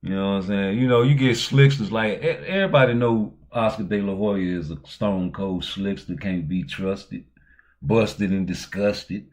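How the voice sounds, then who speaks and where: A man hosting a boxing talk show, chatting casually in animated, slangy, profane language. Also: lowish voice, normal speed. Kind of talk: casual chat.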